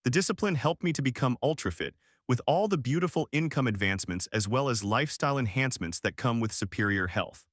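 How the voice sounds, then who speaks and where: A man voicing a calm, confident wealthy mentor who speaks with assured, emphatic authority. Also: mid-range voice, fast, hardly any pauses, no echo, studio quality, close to an everyday voice. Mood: enthusiastic.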